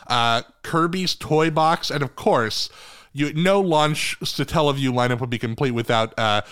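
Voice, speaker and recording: A man's voice: fairly high pitch, a little slow, a bit bright, smooth, no room sound, clean studio sound. A man co-hosting a podcast in casual chat, joking and rambling, swearing now and then. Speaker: podcast co-host.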